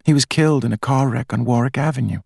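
A man's voice: mid-range voice, quick pace, gravelly, darkish tone, slightly rough, no echo, studio quality, pitched above the performer's own voice. A man voicing a frightened, insistent ten-year-old girl in an audiobook, in a pleading childlike voice. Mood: grim certainty.

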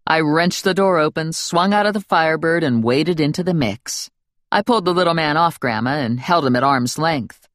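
A wry woman with a low voice narrates an audiobook in the first person at a moderate pace. The recording has clean studio sound with no room sound.

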